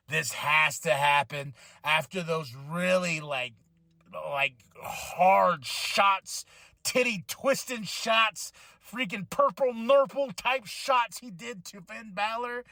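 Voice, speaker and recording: A man hosting a podcast, giving a casual, excitable wrestling show review, swearing freely and laughing often. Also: a little high, no room sound, clean studio sound. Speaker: podcast host.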